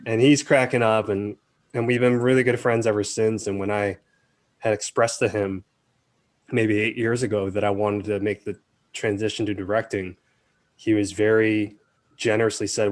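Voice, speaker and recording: Chatty man telling lively anecdotes. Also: on the low side, moderate pace. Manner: animated storyteller, acts out quotes. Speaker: film director, interview guest. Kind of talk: casual interview talk.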